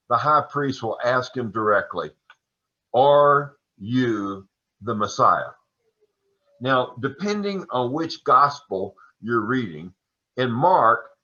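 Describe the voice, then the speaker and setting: A man teaching an adult Sunday school class, lecturing on scripture in a relaxed, chatty way with folksy asides. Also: mid-range voice. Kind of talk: conversational Bible lecture. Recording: dull lo-fi recording.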